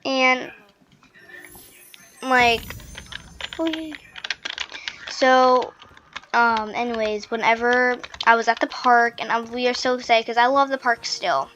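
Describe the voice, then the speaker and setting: Chatty bright-voiced woman rambling. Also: a little high, fairly even intonation, slow pace, pauses often, a little hiss or hum. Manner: rambling, chatty, full of "like" and restarts. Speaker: gaming channel host. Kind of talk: casual storytelling while playing a game.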